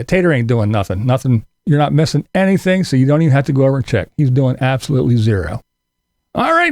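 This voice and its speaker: A man's voice: mid-range voice, darkish tone, dry recording, studio quality. A middle-aged man from Pennsylvania hosting casual commentary, rambling and sarcastic, cursing offhandedly. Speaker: commentary channel host. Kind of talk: casual commentary on other creators.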